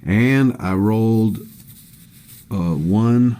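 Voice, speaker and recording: A man playing a tabletop game, asking halting questions about his dice rolls. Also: lowish voice, noisy background. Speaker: player.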